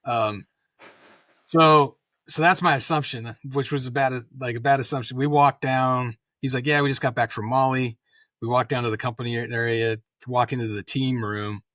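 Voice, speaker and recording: Animated and storytelling, a middle-aged man who once served as a special forces officer acts out dialogue as he talks through a casual podcast interview. He speaks at a medium pitch and normal speed. The recording has no room sound.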